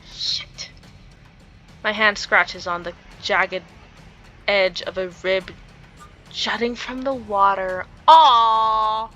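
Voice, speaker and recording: A woman's voice: mid-range voice, steady tone, takes it slowly, pushed and bright, highs cut off, faint music behind. A woman reading a visual novel aloud, dramatizing the story and breaking off into giggly asides. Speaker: game streamer.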